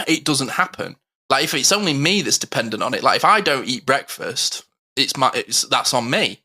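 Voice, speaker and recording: A man's voice: medium pitch, sharp tone. A man co-hosting a podcast, talking heartfelt and rambling with lots of fillers. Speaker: co-host. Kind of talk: casual podcast chat.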